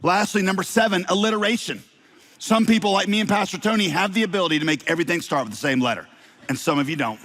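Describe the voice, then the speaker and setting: Southern-tinged pastor preaching with playful asides. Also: male voice, high-pitched, fast, fairly bright tone. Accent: slight Southern US. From Southern United States. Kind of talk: sermon.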